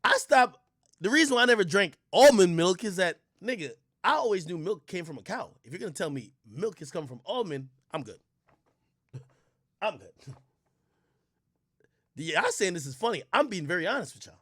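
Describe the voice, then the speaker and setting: A man streaming casual commentary, reading a menu aloud and ranting in loud, profane disbelief. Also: high voice, sing-song, moderate pace, long pauses, husky, no echo, clean studio sound.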